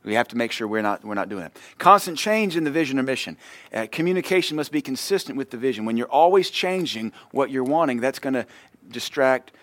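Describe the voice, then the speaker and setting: A man's voice: mid-range voice, lively intonation, a little fast, a bit bright, no room sound. A man pastor giving a sermon in a conversational way, acting out short everyday exchanges. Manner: conversational preaching, acts out short dialogues.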